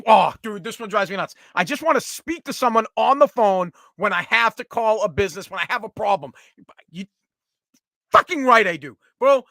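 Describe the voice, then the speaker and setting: A middle-aged man, hosting a casual comedic rant that is profane and animated. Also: high-pitched, no room sound. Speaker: podcast host.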